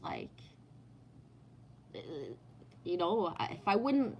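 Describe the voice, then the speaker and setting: A woman's voice: medium pitch, big pitch swings, slow pace, darkish tone, slight background noise. A middle-aged woman chatting casually on a livestream, rambling, swearing freely and trailing off mid-thought. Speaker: livestreamer reading chat.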